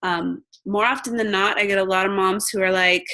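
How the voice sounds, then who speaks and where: A woman's voice: mid-range voice, steady tone, fairly quick, few pauses, pushed and bright. A young woman coaching new coaches in a chatty, upbeat talk, often acting out the chats she describes. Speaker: fitness coach mentor.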